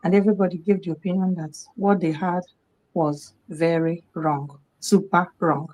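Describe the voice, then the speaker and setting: Animated Nigerian woman telling a story. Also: fairly low pitch, normal speed. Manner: animated, acts out the quoted voices of others. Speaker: guest on a live discussion program. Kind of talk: personal storytelling in a live talk.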